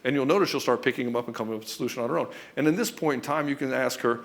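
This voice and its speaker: Dude coaching guys on relationships, talks fast, blunt, swears a lot. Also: male voice, medium pitch, gravelly. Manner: blunt and profane, fast and emphatic; acts out short quoted lines in other voices. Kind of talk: direct-to-camera coaching talk.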